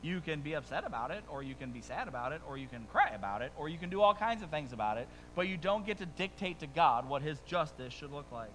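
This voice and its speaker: A man's voice: on the high side, lively intonation, fast, hardly any pauses, a bit bright, big-room sound, a little hiss or hum, poor audio. A man preaching a sermon as pastor, talking conversationally with humorous stories and rhetorical asides.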